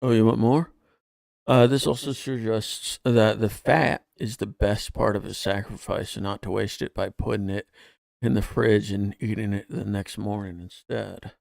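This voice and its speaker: A man's voice: fairly low pitch, fairly even intonation, moderate pace, vocal fry, a little mellow, dry recording. A man co-hosting a podcast, asking wry questions and reading verses aloud in casual chat. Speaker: podcast co-host.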